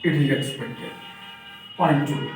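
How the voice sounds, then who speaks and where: A man's voice: on the high side, slow. A man with an Indian English accent lecturing teachers at a workshop, emphatic and asking the room questions. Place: classroom or hall. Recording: very echoey room, distant mic, faint noise.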